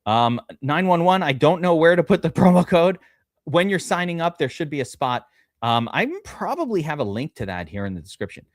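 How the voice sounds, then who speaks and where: A man's voice: fairly high pitch, very animated, brisk, no echo, studio quality. Chatty man hosting a fantasy football stream. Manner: loose and chatty, reads viewer names aloud, swears casually. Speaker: livestream host drafting fantasy football. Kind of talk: casual livestream chat.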